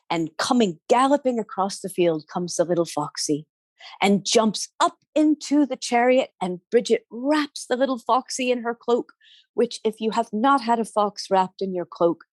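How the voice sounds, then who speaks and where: Woman storyteller, animated, playful, chatty asides, dry close sound. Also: mid-range voice, dry recording. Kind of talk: oral storytelling.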